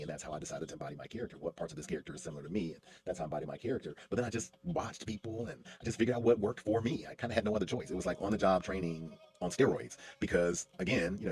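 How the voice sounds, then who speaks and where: A deep-voiced man talks in a casual livestream monologue, racing through his stories. He is animated, often stopping and restarting mid-sentence with plenty of "you know" fillers. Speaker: lawyer and stage actor, livestream host. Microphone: livestream mic.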